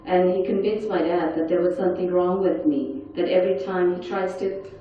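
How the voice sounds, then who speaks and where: A woman's voice: lowish voice, steady tone, normal speed, a little hiss or hum. Middle-aged woman telling her own story with intensity, recorded from far off in a big echoing hall. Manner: earnest, intense storytelling with acted-out quotes. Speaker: survivor giving a talk at a forum session. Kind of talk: personal testimony speech. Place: large conference hall. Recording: echoey, distant, dull hall recording.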